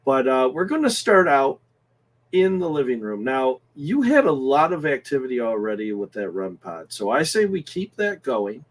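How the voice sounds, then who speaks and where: A man's voice: medium pitch, big pitch swings, normal speed. A man co-hosting a live paranormal stream, explaining the rules and setting challenges. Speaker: co-host giving challenges.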